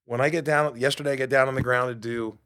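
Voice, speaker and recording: A man in his fifties, a podcast host and fitness coach, giving an animated motivational monologue and acting out quoted voices. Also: medium pitch, fast, smooth.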